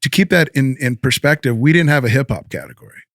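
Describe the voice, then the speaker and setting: A man in his fifties telling stories in a casual interview, rambling and animated, swearing freely and restarting his sentences. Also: medium pitch, fast talker, dry recording, studio quality. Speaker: podcast guest, rapper.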